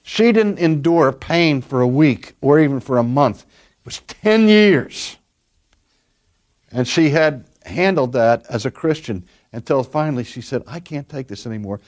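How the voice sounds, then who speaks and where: A man's voice: mid-range voice, expressive, normal speed, hardly any pauses, darkish tone. An older man, a pastor delivering a sermon and telling stories earnestly, stretching out key words for emphasis.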